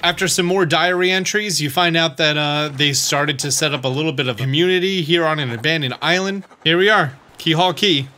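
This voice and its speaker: Casting: chatty male let's play host, bright and fairly high, faint music under his commentary. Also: fairly quick, few pauses. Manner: casual, chatty, explaining as he plays. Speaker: gaming channel host.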